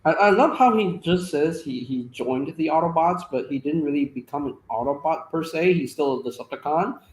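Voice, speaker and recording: Male co-host, chatty and laughing, a bit high-pitched, roomy sound. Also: normal speed. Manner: laughs often. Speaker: podcast host. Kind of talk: casual chat. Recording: echoey room.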